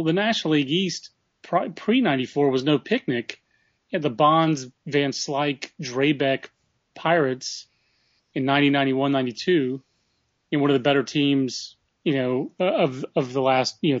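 A man's voice: mid-range voice, no room sound. A man hosting a casual podcast chat, talking freely and reading a sponsor plug. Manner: chatty, reads sponsor plug. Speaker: podcast host. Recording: dull lo-fi audio.

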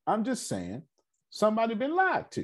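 A man leading a business meeting, telling animated motivational stories in casual slang with repeated words and dramatic pauses before listeners. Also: high voice.

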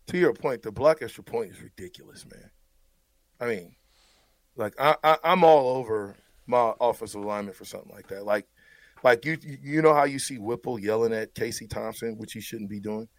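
A man's voice: mid-range voice, no echo. Ex-lineman guy ranting about football, blunt, repeats himself, dry sound. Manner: blunt, emphatic, repeats words when worked up. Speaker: former player turned football analyst. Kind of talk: casual sports talk.

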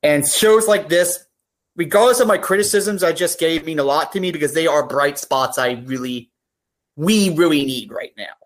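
A woman's voice: sits low, moderate pace. A woman speaking as a guest on a podcast in casual chat, with an earnest, heartfelt way of talking things through. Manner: earnest, heartfelt, talks through ideas at length.

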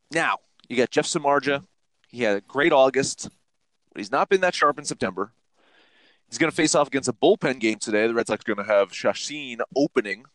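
A man's voice: mid-range voice, animated, fairly quick, fairly bright tone, dry recording. A man co-hosting a sports betting podcast, talking through his picks casually and swearing often.

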